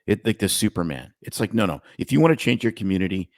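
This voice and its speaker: A man's voice: lowish voice, sing-song, quick pace, darkish tone, no echo, studio quality. A man hosting a podcast, giving blunt and emphatic opinions in casual chat. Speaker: podcast host.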